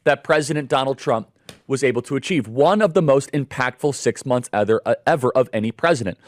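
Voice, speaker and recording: A man in a played clip giving political commentary in a steady, formal way, listing points one after another. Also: medium pitch, brisk, no room sound.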